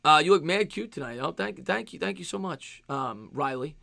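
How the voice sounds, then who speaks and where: A man's voice: on the high side, expressive, moderate pace, vocal fry, pushed and bright, no room sound, studio quality. A man with a New York accent hosting a casual live-stream Q&A, reading viewer questions and answering with lots of fillers and repeated phrases. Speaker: sports stream host.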